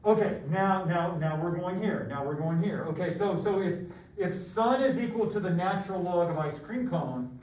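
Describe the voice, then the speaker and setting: A man's voice: high-pitched, moderate pace, a little mellow. A middle-aged man teaching a math class, joking and rambling through stories. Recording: echoey room from far off, faint noise.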